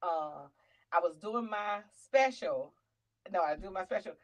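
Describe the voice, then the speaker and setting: A woman with a New York accent, telling a lively faith story on a talk show, dropping to murmurs and rising to loud cries. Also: unhurried, rough recording. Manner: animated testimony, swinging from low murmurs to loud cries. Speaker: guest.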